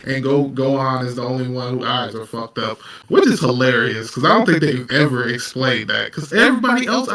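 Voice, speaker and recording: Bright-voiced man in an echoey room. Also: mid-range voice, gravelly, distant mic. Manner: laid-back, laughing, profane. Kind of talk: casual anime discussion.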